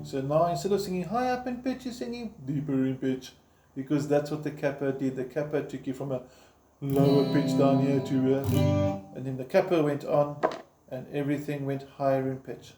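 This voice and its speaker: Man, guitar teacher, encouraging, step-by-step, mellow voice, echoey room, faint guitar. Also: medium pitch, fairly even intonation, moderate pace. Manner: counts beats aloud while playing; encouraging, informal. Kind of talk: step-by-step instruction. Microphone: camera framing the guitar. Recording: roomy echo with guitar playing.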